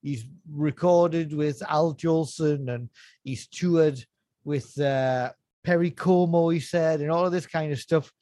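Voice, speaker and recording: A man's voice: fairly high pitch, slow pace, mellow, no echo. A man chatting casually, retelling a TV show with laughter and mimicked voices.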